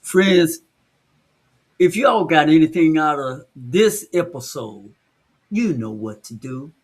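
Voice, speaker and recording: A man's voice: fairly high pitch, lively intonation, takes it slowly. A man hosting a casual podcast, easygoing and encouraging as he wraps up the episode. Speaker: podcast host.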